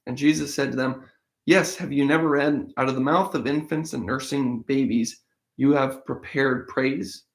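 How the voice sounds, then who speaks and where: A man's voice: mid-range voice, fairly even intonation, normal speed. Man casually explaining scripture aloud. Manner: conversational and thinking aloud, with frequent restarts and hedges. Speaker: Bible-in-a-year podcast host. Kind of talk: reading scripture aloud, then casual commentary.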